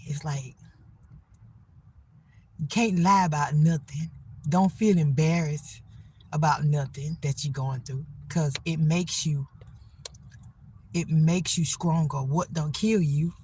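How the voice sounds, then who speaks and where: A woman's voice: low-pitched, slow, long pauses, mellow, a little hiss or hum. A middle-aged woman talking casually on a phone livestream, rambling earnestly about faith and getting by. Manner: rambling, faith-filled encouragement; plain-spoken, earnest.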